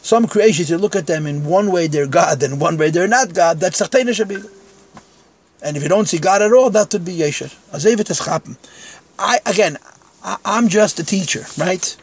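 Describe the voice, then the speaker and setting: Candid teacher, slightly high male voice. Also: a little fast, slightly rough. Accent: Yeshivish English. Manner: conversational, self-deprecating asides. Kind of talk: text-study lecture.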